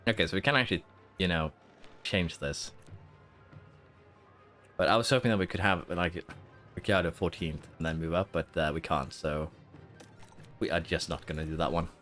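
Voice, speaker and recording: A man's voice: low voice, steady tone, normal speed, long pauses, fairly bright tone, faint music behind. A man streaming a racing management game, thinking aloud in a casual, rambling way with lots of fillers, while fighting off hiccups. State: hiccuping and holding them in. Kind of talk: casual live-stream commentary.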